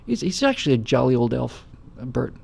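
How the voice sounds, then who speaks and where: A man's voice: mid-range voice, big pitch swings, a little fast, vocal fry, darkish tone, slightly rough. A man hosting a live show, telling stories in a rambling, casual way with many fillers. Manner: rambling and anecdotal with frequent fillers. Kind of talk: casual storytelling chat.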